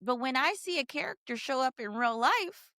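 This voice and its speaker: A woman co-hosting a podcast in casual chat, animated, often quoting her own thoughts aloud. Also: sits high, moderate pace, no room sound, studio quality. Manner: animated, quotes herself in lively asides. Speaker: podcast co-host.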